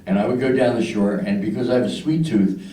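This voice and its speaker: A low, mellow voice moves fast as an older Philadelphia comic delivers a crude club routine, acting out the figures in his tales. It was captured in low quality from a distant mic in an echoey room.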